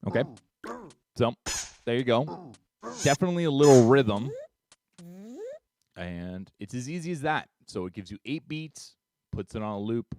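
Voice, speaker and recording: A man teaching a music tutorial, upbeat and chatty, counting beats out loud as he demonstrates. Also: medium pitch, expressive, moderate pace, long pauses, slight background noise. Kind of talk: screen-share tutorial.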